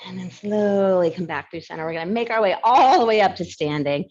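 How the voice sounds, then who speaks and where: A woman instructor leading a barre fitness class, chatty and quick to laugh, counting down reps, with a slight lisp. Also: fairly low pitch, a little mellow, dull audio. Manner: mild lisp from new aligners.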